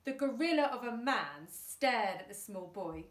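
A woman teacher reading a children's book aloud, animated and with chatty asides. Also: a little high, unhurried. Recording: roomy room, distant mic.

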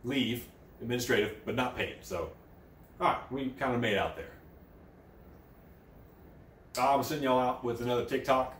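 A man hosting a crude comedy news show while high, rambling and swearing, with sudden loud outbursts. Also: normal speed, long pauses, slight background noise. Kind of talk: crude satirical news commentary. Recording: echoey room, mic at a distance.

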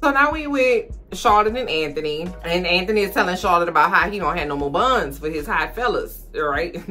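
A woman with a Southern US accent, giving sassy, animated TV recap commentary indoors with big pitch swings. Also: brisk, faint music behind. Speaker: TV recap vlogger. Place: room indoors.

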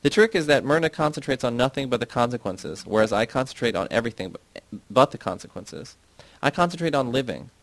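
A man's voice: mid-range voice, no room sound, close to an everyday voice, low-quality recording. A man reading the part of an earnest male worker who argues his case defensively.

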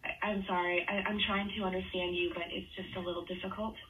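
A woman's voice: on the low side, flat delivery, fast talker, recorded from a distance. A woman on a phone call, stalling a telemarketer with hesitant fillers, constant apologies and interruptions. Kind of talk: playful prank phone call. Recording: recorded phone call in an echoey room, faint noise.

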